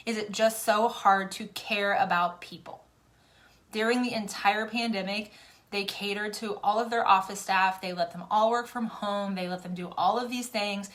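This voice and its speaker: A young woman rambles to her viewers while she does her makeup, venting and chatting with plenty of fillers. Her voice sits at an ordinary middle pitch. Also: fairly bright tone. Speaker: makeup vlogger. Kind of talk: casual chatty livestream.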